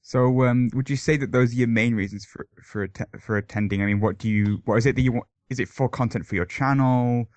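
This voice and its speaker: A man's voice: medium pitch, steady tone, a little fast, few pauses, darkish tone, no room sound. A man hosting a podcast, asking questions hesitantly with many fillers. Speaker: podcast host. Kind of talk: casual podcast interview.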